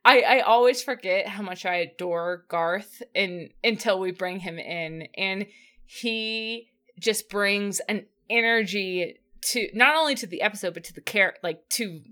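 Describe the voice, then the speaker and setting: A woman's voice: medium pitch, measured pace, pushed and bright. A woman co-hosting a casual podcast who laughs often, gushes and stumbles over her words. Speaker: podcast co-host. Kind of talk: casual chat, episode recap.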